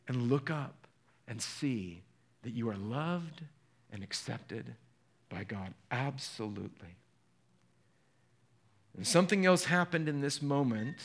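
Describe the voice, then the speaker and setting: A man pastor preaching a sermon, telling a personal story in an earnest, emotional way and dropping to hushed tones. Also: medium pitch. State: choked up.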